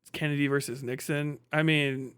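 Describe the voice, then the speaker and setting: Profane, animated male streamer. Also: on the high side, normal speed, clean tone. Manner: profane, animated retelling with quoted voices. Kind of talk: casual livestream commentary.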